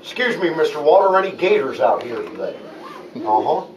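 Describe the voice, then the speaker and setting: A courteous old Southern grandpa, as a man with a Southern accent puts him on, speaking with folksy politeness. The voice lifts a little above the man's usual pitch. It is heard from a distance out of doors, with clear noise around it. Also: very animated, fairly quick, echoey room.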